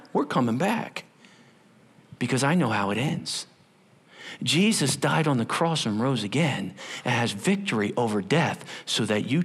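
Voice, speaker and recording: A man's voice: a little high, fairly bright tone, slightly rough. A middle-aged male pastor preaching a sermon, telling the story with acted-out voices and sudden drops to a whisper.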